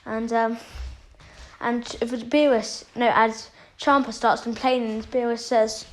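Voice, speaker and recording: A woman's voice: fairly high pitch, little pitch movement, takes it slowly, low-quality recording. A woman casually retelling a fan story, rambling with many fillers.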